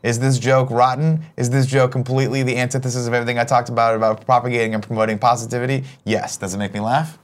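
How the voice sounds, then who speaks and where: A man's voice: mid-range voice, quick pace, hardly any pauses. A man hosting a casual morning talk show, reading out viewer questions and joking with his co-hosts, swearing now and then. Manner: lively, swears, jokey. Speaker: host.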